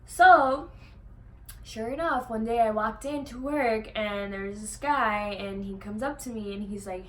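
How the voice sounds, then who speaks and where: A young woman with a slightly high voice chats straight to camera, swearing freely and filling her talk with "like." When she quotes other people, she puts on lively little voices for them. A faint hum sits behind her voice. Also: measured pace. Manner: chatty, peppered with "like" and swearing. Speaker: vlogger. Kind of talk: casual storytelling to camera.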